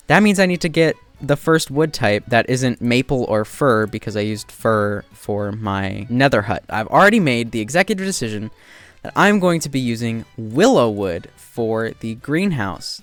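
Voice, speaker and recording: A man giving casual, joking commentary while playing a game, getting excited and loud when he spots something new. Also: no room sound. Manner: excitable, jumps to high squeals when spotting birds; self-deprecating, joking asides. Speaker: gaming video creator.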